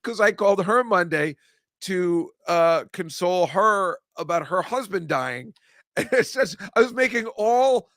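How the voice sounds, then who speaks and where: A man's voice: high voice, lively intonation, unhurried, fairly bright tone, dry recording, clean studio sound. A man chatting casually as a comedian co-host, rambling and joking, laughing often. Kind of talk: casual chat on a live-streamed show.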